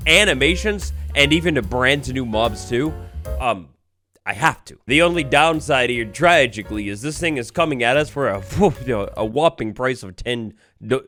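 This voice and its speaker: Excitable young man gushing over gameplay. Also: medium pitch, moderate pace, over music. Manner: excitable, gushing, swings between hushed awe and loud exclamations. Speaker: gaming YouTuber. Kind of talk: excited blind-reaction gameplay commentary.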